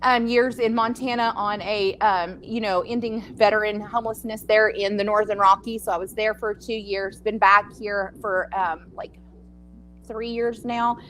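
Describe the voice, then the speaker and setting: A middle-aged grandmother from California, speaking with a Texas accent, co-hosts a casual talk show podcast. Her mid-range voice is fairly bright, with fairly even intonation and a moderate pace. She's chatty and rambling in an easygoing way, and she laughs easily.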